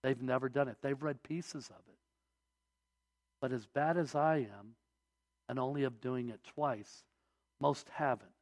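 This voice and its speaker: A man's voice: medium pitch, measured pace, long pauses. A man in his forties preaching a sermon, telling stories and pressing his points with emphatic, preacherly build-ups. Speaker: pastor.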